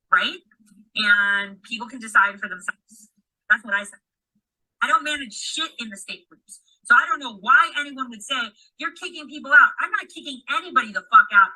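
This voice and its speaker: A woman's voice: on the high side, pushed and bright, low-quality recording. A woman chatting casually on a podcast, swearing freely and acting out quoted dialogue as she tells a story.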